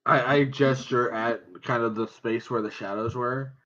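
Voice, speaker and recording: A man's voice: mid-range voice, fairly even intonation, normal speed, a bit bright. A man playing a tabletop game, chatting casually with dry, wry remarks. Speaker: player. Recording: dull lo-fi mic.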